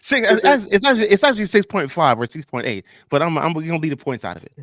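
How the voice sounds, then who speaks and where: Man, sports podcast host, lively swooping pitch, fairly high, dry close sound. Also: racing, no echo. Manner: animated, exclaiming, many restarts and laughs. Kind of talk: casual sports chat.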